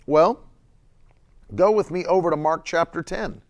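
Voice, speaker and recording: A male preacher delivering a sermon with emphatic, drawn-out phrases, breaking into loud cries when he quotes scripture and laughing between points. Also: a little high. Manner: emphatic, stretches words, shouts quotes; laughs between points, reads chat comments.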